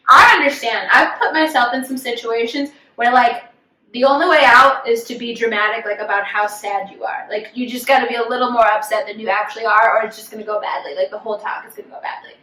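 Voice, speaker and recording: An animated woman co-hosts a podcast in casual chat and slips into acted-out quotes full of "like". Her voice is high and bright. She sounds a bit distant from the mic, in an echoey room. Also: brisk, a little hiss or hum. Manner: animated, acts out quotes with lots of "like". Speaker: podcast co-host.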